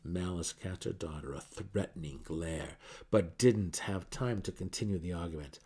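A man giving a dramatic reading of a fantasy novel in a measured storytelling manner. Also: deep voice, dark tone, husky. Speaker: narrator.

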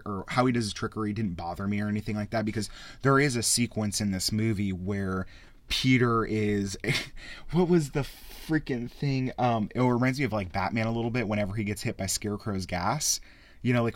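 A man with a slightly low voice gives a loose, rambling review, swearing freely and getting worked up as he goes. The recording is close and dry, with no room sound. He talks the way a show host chats to regular listeners. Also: fairly quick, no room sound. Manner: rambling, profane, excitable. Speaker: podcast host reviewing a film. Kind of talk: casual spoken film review.

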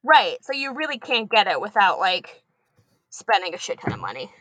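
A woman's voice: medium pitch, sing-song, moderate pace, bright, forceful tone, no room sound. A young woman and preschool teacher chatting as a podcast guest, telling stories animatedly and swearing casually.

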